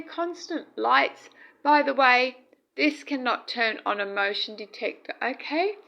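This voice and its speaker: A woman narrating a home video at night, speaking softly and tenderly to her late husband. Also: high-pitched, vocal fry. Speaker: vlogger. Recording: dull lo-fi phone recording.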